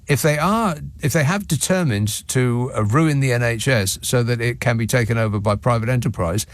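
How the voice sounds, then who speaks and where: A man's voice: medium pitch, normal speed, no echo. A man hosting a radio phone-in show, reading out listener messages with a sardonic, mocking manner in a studio. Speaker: radio talk show host. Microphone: studio microphone.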